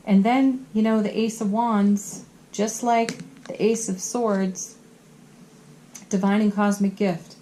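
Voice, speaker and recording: A woman doing a tarot card reading, earnest and gentle, tired, often giggling at herself. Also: medium pitch, fairly even intonation, takes it slowly, a little hiss or hum. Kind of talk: spiritual card reading to camera.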